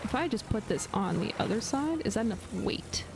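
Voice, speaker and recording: A woman's voice: fairly high pitch, lively intonation, fairly quick. Chatty woman streamer over game music. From United States. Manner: chatty, laughs often, many fillers and restarts. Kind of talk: casual chat while gaming.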